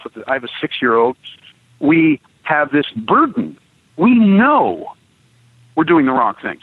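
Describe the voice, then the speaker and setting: Heard over a dry, tinny phone line with no room sound, a man with a mid-range voice speaks as a radio interview guest. He's an activist street preacher whose halting start gives way to preacher-style emphasis.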